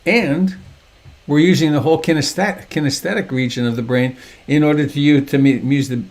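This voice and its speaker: An older man gives a gentle dharma talk over a video call, unhurried and lightly humorous. His voice sits a little high and carries a gravelly fry. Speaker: meditation teacher.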